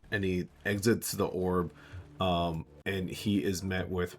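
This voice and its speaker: A man's voice: deep voice, flat delivery, slow pace. A man narrating as game master of a tabletop role-playing game, chatty and loose with filler words.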